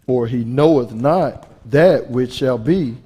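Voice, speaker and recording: A man reads a scripture passage aloud in a husky, mellow voice. His pace is slow and measured, with weight on each line. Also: medium pitch. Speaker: scripture reader.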